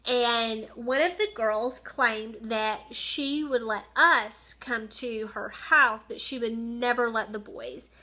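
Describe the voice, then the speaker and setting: A woman's voice: fairly high pitch, slow, few pauses, pushed and bright. A woman, chatting in a rambling, heartfelt way about her favorite teachers. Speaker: teacher vlogger. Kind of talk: casual personal vlog.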